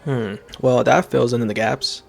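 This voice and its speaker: A man's voice: mid-range voice, steady tone, measured pace, vocal fry. A man casually commenting through a video game playthrough and reading dialogue choices aloud in a wry tone. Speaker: gaming streamer.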